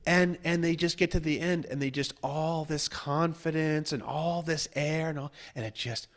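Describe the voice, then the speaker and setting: A man's voice: on the high side, fairly even intonation, moderate pace, fairly bright tone. A man in casual podcast chat, rambling and profane, acting out the people he mocks in put-on voices. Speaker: guest.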